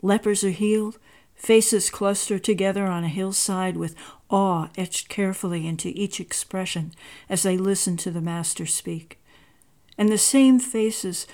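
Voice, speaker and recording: A woman reading a story aloud in a measured, expressive narrating voice. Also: mid-range voice.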